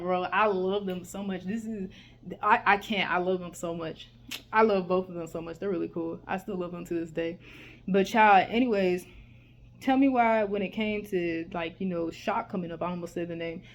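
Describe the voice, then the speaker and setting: A young woman telling a school story in a casual vlog, animated and heated, with lots of fillers and swearing. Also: medium pitch.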